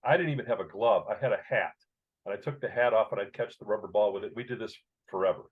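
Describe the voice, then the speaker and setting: A man's voice: fairly low pitch, quick pace, breathy edge. A man in his sixties, raised in Chicago, telling a childhood story as an author in an interview, emotional and vivid. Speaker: author and guest. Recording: dull lo-fi sound.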